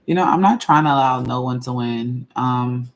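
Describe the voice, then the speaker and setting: A woman hosting her own channel, talking in a casual livestream and venting slowly and deliberately, circling back to repeat her points. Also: very deep voice. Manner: slow, measured venting, repeats herself. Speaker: channel host.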